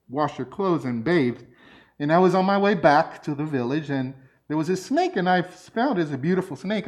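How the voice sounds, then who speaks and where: A man preaching a sermon, telling personal stories. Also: a little high. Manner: lively storytelling, personal anecdotes.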